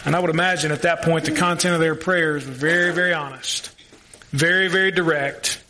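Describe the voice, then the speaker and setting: High, bright-voiced male pastor preaching. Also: steady tone, brisk, a little hiss or hum. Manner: earnest, asks the congregation questions. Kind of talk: sermon.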